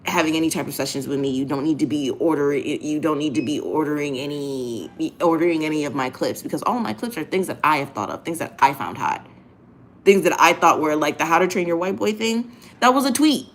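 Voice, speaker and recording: A woman's voice: low voice, fairly quick, slight background noise. A woman hosting a casual monologue in a blunt, profane, emphatic way, often repeating phrases for effect. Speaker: host.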